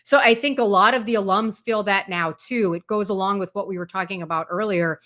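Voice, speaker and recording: Woman, sports reporter, interview guest, fluent, detailed, animated storytelling. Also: mid-range voice, fairly quick. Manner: fluent, detailed explaining with lively retold anecdotes. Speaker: college football reporter, guest.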